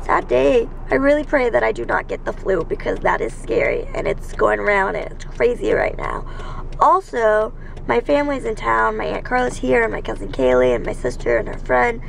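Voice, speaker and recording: A woman's voice: fairly high pitch, animated, normal speed, gravelly, slight background noise. A young woman chatting casually to camera on her way to work in the car. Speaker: vlogger. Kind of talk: casual vlog chat.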